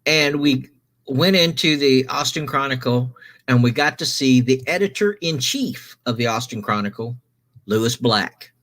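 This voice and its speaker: A man's voice: medium pitch, expressive, a little slow, fairly bright tone. A man hosting a stream, telling a long story casually, rambling with many restarts and self-corrections.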